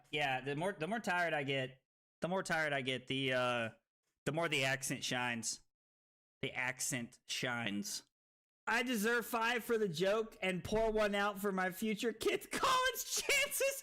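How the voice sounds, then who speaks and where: A male streamer giving excitable live commentary on a card game, tipsy, laughing, swearing and often shouting. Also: fairly high pitch, unhurried. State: tipsy from drinking. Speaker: streamer and host.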